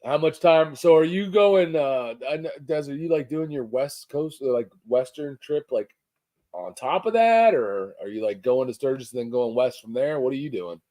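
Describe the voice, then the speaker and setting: A man's voice: mid-range voice, expressive, normal speed, mellow. A man co-hosting a casual live stream about motorcycle rallies, joking and teasing as he talks. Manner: joking, teasing, loose swearing. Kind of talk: casual chat.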